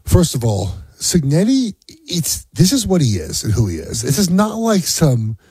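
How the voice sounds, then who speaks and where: Brief: male sports radio co-host, former player, dark husky voice, dry studio mic, sarcastic mock-sad delivery. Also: fairly high pitch, huge pitch swings, measured pace, dry recording. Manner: mock-mournful sarcasm, stammering restarts. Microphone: studio microphone.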